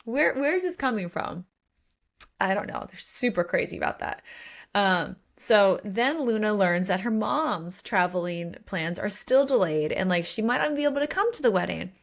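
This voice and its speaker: A woman in her thirties co-hosting a casual book podcast, animated and acting out characters' lines. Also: mid-range voice, normal speed, gravelly. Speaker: podcast co-host.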